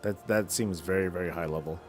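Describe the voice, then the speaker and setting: A male game streamer with a lowish voice, talking in a relaxed, slangy ramble while he plays. He thinks out loud and drifts from point to point. Soft music plays faintly under him. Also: fairly quick. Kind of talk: casual chat while gaming.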